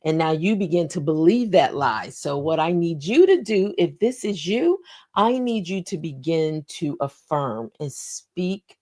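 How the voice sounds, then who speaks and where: A woman's voice: on the low side, darkish tone. A woman hosting a motivational talk. She is encouraging, repeats key phrases and asks listeners questions. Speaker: host.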